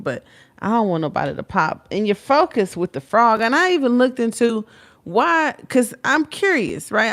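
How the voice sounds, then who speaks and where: Texan woman, tarot reader, casual and rambling, salty language, middle-pitched voice. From Texas. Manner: rambling, blunt and profane, with many asides.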